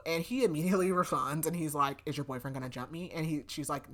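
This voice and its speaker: A woman's voice: sits low, fast, few pauses, a bit bright. Chatty young woman recapping a book. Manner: chatty, lots of "like" fillers, laughs often. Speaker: podcast host. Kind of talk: casual book recap chat.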